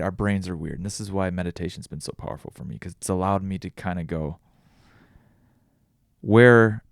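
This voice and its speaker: Here a weary man hosts a podcast solo, his deep voice darkish and clean. In a studio-quality recording free of room sound, he reflects casually, rambling and restarting as he thinks out loud.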